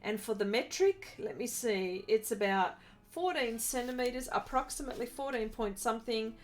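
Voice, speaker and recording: Drawing on a live stream, an Australian host chats casually and welcomes viewers by name while she works. She speaks at normal speed in a voice that's a little high.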